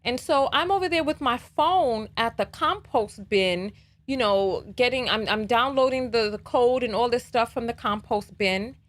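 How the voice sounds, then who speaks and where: A woman hosting a live call-in show, talking casually and telling stories in an animated way, leaning on "you know" and "right?". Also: a little high, moderate pace. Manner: animated storytelling.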